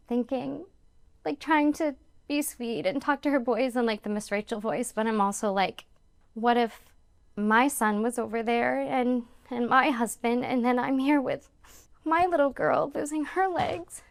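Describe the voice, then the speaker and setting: A woman who is a teacher, speaking softly and haltingly in an emotional interview. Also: medium pitch, creaky, clean tone, no echo. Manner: soft, halting, tearful. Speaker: children's entertainer and teacher.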